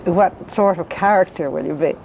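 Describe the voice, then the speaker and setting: A middle-aged woman hosting a local cable TV interview, asking questions in a motherly, gently teasing way. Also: on the low side, moderate pace, creaky, low-quality recording. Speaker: TV interview host. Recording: old 1980s cable TV tape with faint hiss.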